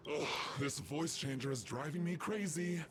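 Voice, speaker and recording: A man's voice: fairly high pitch, normal speed, a little hiss or hum. An actor playing a flippant young man talking through a voice changer in a game.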